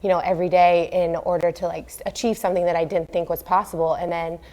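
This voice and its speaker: A woman in her thirties who was a professional triathlete, talking as an interview guest in an earnest, animated way with many fillers. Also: on the low side, quick pace. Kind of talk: casual interview talk.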